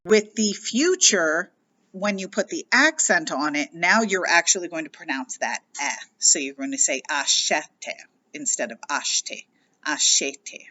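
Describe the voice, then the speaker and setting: A woman's voice: on the low side, lively intonation, moderate pace, sharp tone, highs cut off. A woman teacher explaining grammar patiently in a recorded lesson, spelling out letters as she goes. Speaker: French teacher.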